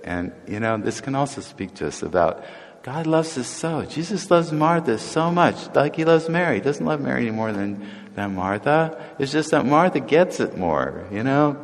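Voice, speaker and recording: A man's voice: mid-range voice, lively intonation, normal speed. A man preaching a conversational sermon, chatty and humorous, chuckling often and acting out the voices of the people he quotes. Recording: long reverb of a large hall.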